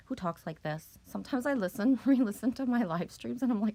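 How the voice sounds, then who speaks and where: A woman's voice: mid-range voice, expressive, fairly quick, hardly any pauses, darkish tone, dry recording. Profane, rambling woman live streamer. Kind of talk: casual live stream chat.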